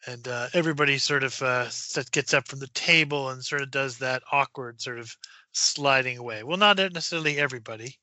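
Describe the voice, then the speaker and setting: A man running a tabletop horror game as game master, narrating with halting fillers and dropping to a whisper for eerie moments. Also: medium pitch, pushed and bright, no room sound, dull audio. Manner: halting, many fillers, drops to a whisper for spooky parts.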